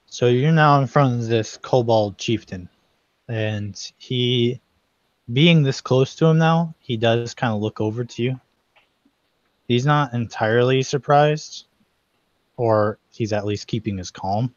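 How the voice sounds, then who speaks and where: A man's voice: medium pitch, slow pace, no echo. A man narrating as game master in a tabletop game, loose and full of fillers, on slightly muffled call audio. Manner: loose, hesitant, many fillers.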